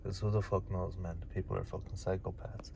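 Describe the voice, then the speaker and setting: A man's voice: low voice, level tone, brisk, creaky. A man ranting bluntly and profanely into a handheld phone outdoors, talking casually to his viewers. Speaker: vlogger. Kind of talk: casual rant to camera. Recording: loud traffic noise outdoors.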